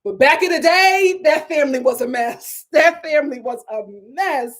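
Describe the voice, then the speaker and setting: A woman hosting a casual live review of a reality TV show, animated and incredulous, repeating herself for emphasis. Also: high-pitched, moderate pace. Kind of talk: casual live recap chat.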